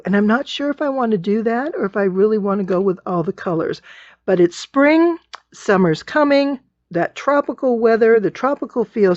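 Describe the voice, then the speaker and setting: A woman's voice: medium pitch, a little mellow, no echo, muffled recording. Chatty woman teaching quilting. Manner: chatty, thinking aloud while sorting fabric. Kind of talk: casual tutorial narration.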